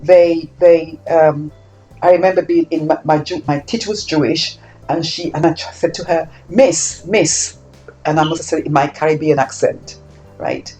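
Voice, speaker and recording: In an oral history interview, an older woman from Saint Kitts reflects on her life, growing animated when she acts out quoted exchanges. Her voice sits low at a normal speed, and the rough recording has soft background music.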